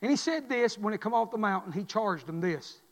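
A man preaching as pastor in a church, repeating lines and building to loud, shouted climaxes. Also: high voice, animated, a little fast. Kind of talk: sermon. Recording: long reverb of a church hall.

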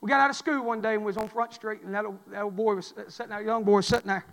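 A man preaching a sermon, telling folksy stories and swinging from loud cries to low murmurs. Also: fairly even intonation, very fast, vocal fry, big-room sound.

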